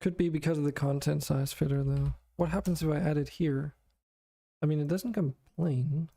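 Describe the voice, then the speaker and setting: A worn-out man talks to himself in a flat, monotone way while he pokes at his game's code. His voice is mellow and soft-edged, steady and unhurried. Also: a little high, vocal fry. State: exhausted. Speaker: game developer streamer. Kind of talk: thinking aloud while coding.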